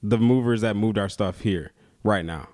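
A man's voice: on the low side, normal speed, darkish tone, no echo, clean studio sound. A young man co-hosting a podcast in casual chat, joking around and laughing at his own jokes. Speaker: podcast co-host.

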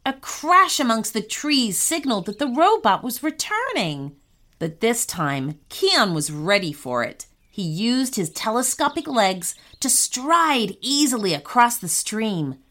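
A woman narrating a children's story in an animated storytelling manner. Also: a little high, measured pace.

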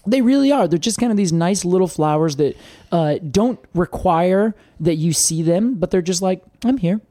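A man's voice: sits high, expressive, moderate pace, warm tone, no echo, clean studio sound. A man co-hosting a podcast in casual chat, rambling and often searching for words with fillers. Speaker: podcast co-host.

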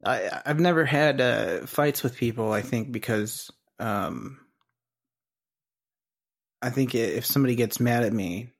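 A man with a gravelly, fry-heavy voice at a middle pitch co-hosts a podcast. He chats casually and throws in dry, deadpan jokes. His delivery stays flat and understated. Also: measured pace. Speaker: podcast co-host. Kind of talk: casual chat.

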